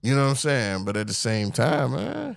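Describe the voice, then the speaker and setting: Lively guy on a podcast, swears a lot, swoops all over in pitch, dry close sound. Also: normal speed, creaky, dry recording. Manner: animated, profane, mimics voices. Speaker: podcast host. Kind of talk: casual chat.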